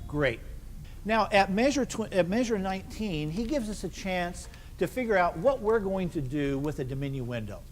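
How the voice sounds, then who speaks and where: A man's voice: high-pitched, lively intonation, normal speed, faint music behind. A man leading a band rehearsal, asking questions and answering them himself and counting the players in. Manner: counts the ensemble in. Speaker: band conductor. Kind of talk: rehearsal instruction. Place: rehearsal hall. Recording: long hall reverb, faint noise.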